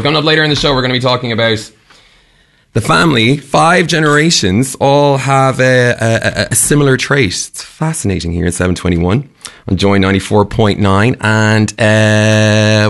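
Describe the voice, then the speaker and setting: A man's voice: mid-range voice, fairly quick, vocal fry, a bit bright. A man hosting a breakfast radio show, chatting casually and telling a story with frequent laughs. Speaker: radio host. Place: radio studio.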